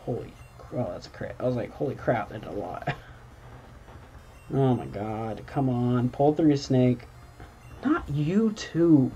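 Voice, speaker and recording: At home at night, a young gaming channel host gives casual let's-play commentary on his own gameplay, answering the game out loud and breaking into exclamations. He speaks at a normal speed in a mid-range voice with a dark tone. The audio sounds muffled and carries a little hiss or hum.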